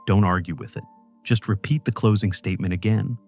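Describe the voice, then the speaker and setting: Calm low-voiced male narrator. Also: soft background music. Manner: calm, measured, reassuring delivery. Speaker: channel narrator. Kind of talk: scripted psychology narration.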